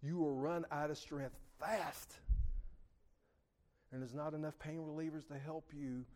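A man preaching a sermon into a microphone in church, calling on the congregation for amens and swinging between soft, low asides and loud emphatic peaks. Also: fairly even intonation, measured pace. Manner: call-and-response, asks the congregation for amens. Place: church sanctuary.

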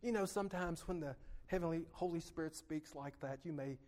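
A man preaching a sermon into a microphone in church, calling on the congregation for amens and swinging between soft, low asides and loud emphatic peaks. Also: brisk. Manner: call-and-response, asks the congregation for amens. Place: church sanctuary.

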